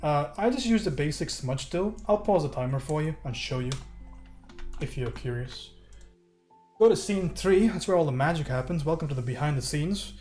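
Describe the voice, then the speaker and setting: Speaking at a moderate pace with lively intonation, this American man has a highish, slightly mellow voice. Soft music accompanies his easygoing live-stream painting tutorial, where he jokes with chat while working.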